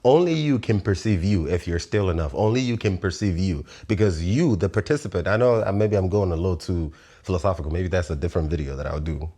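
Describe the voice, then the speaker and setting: A man in his thirties hosting his own show, talking through a casual philosophical monologue, animated, laughing often and swearing freely. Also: deep voice, fast talker. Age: 30s. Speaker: show host.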